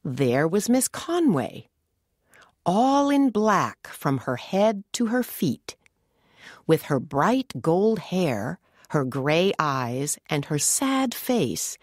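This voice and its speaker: A woman narrates a story slowly and clearly for English learners. Her voice is low yet lively in pitch. The recording is dry and close. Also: dry recording. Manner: slow and clear, expressive.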